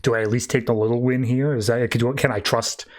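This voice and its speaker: A man's voice: mid-range voice, steady tone, brisk, darkish tone, lightly acted. A man voicing an anxious, overwhelmed young male hero, flustered and stammering.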